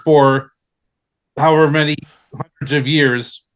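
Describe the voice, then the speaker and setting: A man's voice: a little high, steady tone, unhurried. A man on a casual discussion panel, rambling and hesitant with many fillers.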